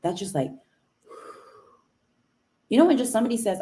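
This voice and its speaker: A woman from Cambridge, England hosts a casual motivational live stream. Her voice sits a little low. She talks in a chatty, encouraging way and breaks off to greet viewers by name. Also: expressive, fairly quick, pauses often, dark tone.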